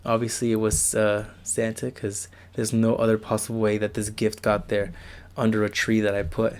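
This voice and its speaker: A young man rambles casually through a tour of his bedroom walls, loose and poking fun at himself, picked up by a camera mic. His voice sits on the low side and stays monotone at a moderate pace, with a little hiss or hum in the recording.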